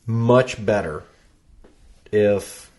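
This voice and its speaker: A man's voice: fairly low pitch, extremely slow, darkish tone. A man chatting as a podcast guest, joking at his own expense and laughing often. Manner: self-deprecating, storytelling, laughs often. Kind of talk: casual chat.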